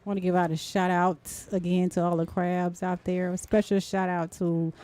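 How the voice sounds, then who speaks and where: A woman co-hosting a live talk show, casual and affirming, with slangy greetings and shout-outs. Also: fairly low pitch, little pitch movement, normal speed. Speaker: co-host.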